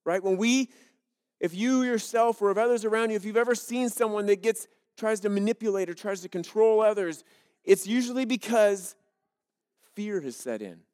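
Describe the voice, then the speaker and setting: High-voiced man preaching conversationally. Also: normal speed, a little mellow. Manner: conversational, storytelling, frequent restarts. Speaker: pastor. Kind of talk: sermon.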